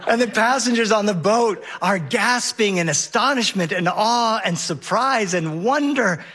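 A man telling a lively personal story on stage, vivid and laughing along the way. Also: sits high, a little slow.

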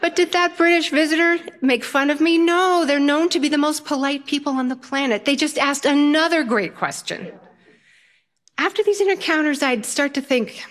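Lively older woman telling a story. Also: high voice, normal speed. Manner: lively, self-mocking, humorous. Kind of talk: personal story told to an audience.

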